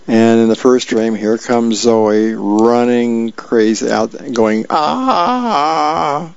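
Volunteer reader, unhurried gravelly delivery, plain and homespun; muffled radio. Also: male voice, lowish voice, completely flat delivery, warm tone, no room sound. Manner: slow, plain, with small slips. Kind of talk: reading the newspaper aloud. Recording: dull lo-fi radio recording.

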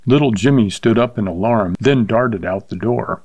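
Male audiobook narrator, measured and even, dead-dry recording. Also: lowish voice, no echo, highs cut off.

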